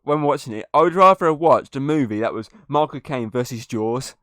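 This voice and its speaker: A man's voice: mid-range voice, brisk, a bit bright, dry recording. A young man chatting on a podcast, retelling movie scenes with a lot of swearing and laughter. His voice is dry and close, with little room sound. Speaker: podcast host. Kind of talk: casual movie review chat.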